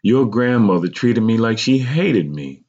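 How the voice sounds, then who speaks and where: A man's voice: lowish voice, lively intonation, moderate pace, vocal fry, highs cut off, pitched above the performer's own voice. A man voicing a regretful mother who recounts a painful youth, speaking in a raised, strained voice. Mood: pained. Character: pained, regretful mother recalling a hard youth.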